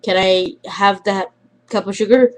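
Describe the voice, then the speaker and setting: A woman's voice: medium pitch, fairly even intonation, unhurried, natural voice. A woman voicing a polite Bigfoot creature that hesitantly asks for a cup of sugar, in almost her own voice.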